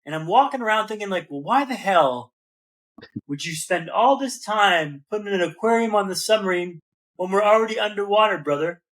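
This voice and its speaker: A young man with a noticeably high voice tells his story as a podcast guest. His talk is casual and animated, and he keeps dropping in slang like "man" and "brother." The recording is a clear podcast mic. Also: brisk.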